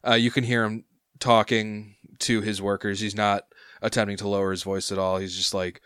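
A man's voice: fairly low pitch, level tone, moderate pace, fairly bright tone, clear, resonant tone, no echo, clean studio sound. A man narrating a tabletop game as game master, rambling with lots of fillers.

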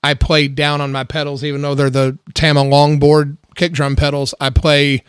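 A man's voice: a little high, completely flat delivery, normal speed, clear, resonant tone, dry recording, studio quality. A middle-aged man, a drummer, chatting casually in his home garage, laid-back and self-mocking, often laughing. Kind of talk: casual chat.

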